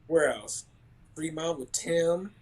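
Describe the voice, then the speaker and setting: A man, a former basketball player telling animated stories in a casual chat. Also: a little high, slow, low-quality recording. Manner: animated storyteller, laughs often, acts out quotes.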